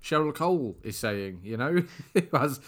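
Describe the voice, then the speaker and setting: A man's voice: mid-range voice, lively intonation, normal speed, fairly bright tone. A man hosting a casual podcast chat, joking and rambling with restarts. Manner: rambling, self-correcting, joking. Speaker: podcast host.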